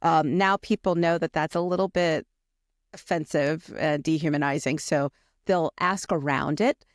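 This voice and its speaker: A woman's voice: sits low, fairly even intonation, moderate pace, no room sound, clean studio sound. A woman co-hosting a podcast interview, thinking aloud reflectively as she asks her guests a question. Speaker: podcast co-host. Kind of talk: conversational interview.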